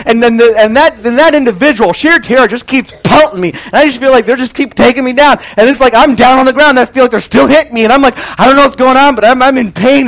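A man with a strikingly high voice tells a funny story to a crowd, leaning hard into exaggeration and comic timing. His delivery is lively and theatrical, like a speaker warming up an audience before the point lands.

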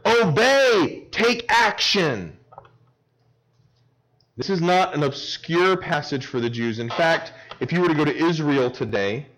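A man in his thirties gives a sermon to children at a summer camp, with a voice that sits a bit high for a man. He talks to them playfully, teasing and joking. When he drives a point home he climbs well up in pitch and gets louder. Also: poor audio. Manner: lively, climbs in pitch and loudness when stressing a word; playful and joking with a young audience. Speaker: camp speaker.

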